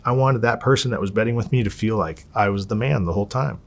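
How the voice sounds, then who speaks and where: A man from Los Angeles, an interview guest, telling his story in a casual, animated way. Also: lowish voice, fast, creaky. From Los Angeles, USA. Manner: animated, acts out quoted dialogue.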